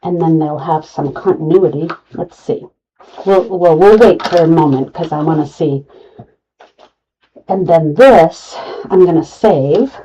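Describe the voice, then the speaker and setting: Slow, mellow woman demoing crafts. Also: deep voice, breathy edge, distant mic, muffled recording. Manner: chatty, talks herself through each cut. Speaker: craft demonstrator. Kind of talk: live craft tutorial.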